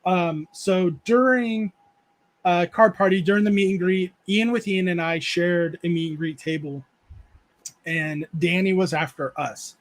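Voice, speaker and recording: A man with a fairly high voice hosts a relaxed livestream chat show. He reads out viewer comments and drifts into loose, rambling stories. He laughs often and fills his talk with "uh" and "like". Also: a little slow. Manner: rambling storyteller, laughs often, many fillers. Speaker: show host reading chat.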